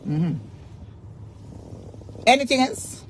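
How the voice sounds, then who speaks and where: Husky Jamaican woman ranting defiantly. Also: a little high, animated, very slow. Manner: defiant, cursing in Jamaican Patois, repeating taunts. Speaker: social media personality. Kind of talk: angry rant to camera.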